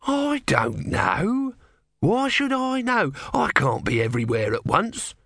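A man's voice: high-pitched, wildly swooping pitch, takes it slowly, a bit bright, dry recording, studio quality, voice pushed up, heavily acted. A man voicing a grumpy male god trapped as a tortoise, petulant and offhand in an audiobook. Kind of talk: audiobook character voice.

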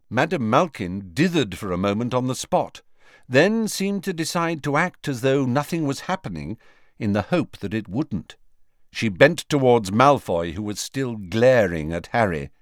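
A man narrating a storybook in an expressive, animated reading, in a dry recording. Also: lowish voice, unhurried, no room sound. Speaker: audiobook narrator.

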